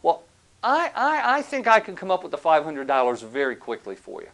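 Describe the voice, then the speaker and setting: A man doing a low, mumbling sheepish debtor. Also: huge pitch swings, fairly quick, creaky, a bit bright, full character voice. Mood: flustered. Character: sheepish middle-aged man caught owing money.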